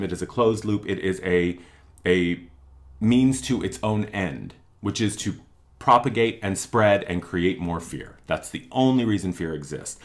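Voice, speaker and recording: A man giving a spiritual monthly forecast talk, earnest and emphatic, repeating phrases for effect. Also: on the low side. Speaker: spiritual teacher.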